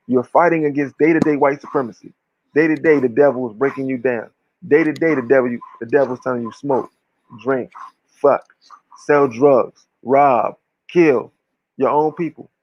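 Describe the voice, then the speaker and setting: A man's voice: mid-range voice, dry recording, dull audio. A man talking casually but with fiery emphasis, preaching and swearing freely. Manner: emphatic, preachy, profane, uses slang. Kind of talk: impassioned casual talk.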